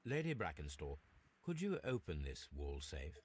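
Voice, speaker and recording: An actor playing a calm, methodical Victorian detective in a video game, questioning witnesses in measured, formal speech. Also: male voice, extremely low pitch, background noise, exaggerated voice. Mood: probing.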